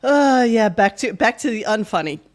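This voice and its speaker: A woman co-hosting a podcast in loose, casual chat, her voice sitting a little high and swinging widely in pitch. She laughs loudly and often and swears freely as she talks. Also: expressive, normal speed. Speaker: podcast co-host. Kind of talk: casual chat reacting to radio clips.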